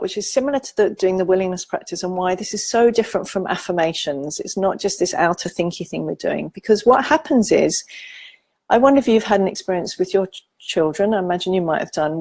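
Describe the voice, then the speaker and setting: A middle-aged woman speaking as a therapist, teaching in a soft, calm and compassionate way with hesitant restarts. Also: mid-range voice, fairly quick, no room sound. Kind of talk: gentle teaching talk.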